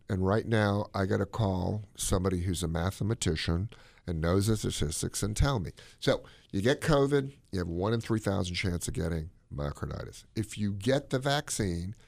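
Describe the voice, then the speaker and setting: A man co-hosting a podcast, talking his opinions in a casual, animated way. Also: low-pitched, moderate pace, vocal fry, no room sound. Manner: animated, opinionated, drops into playful put-on accents. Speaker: podcast co-host.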